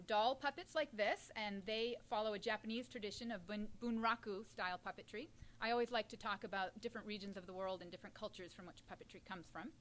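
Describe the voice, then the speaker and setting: Woman puppeteer answering questions, high and bright, lively, some ums. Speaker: puppeteer guest. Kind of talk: interview answers.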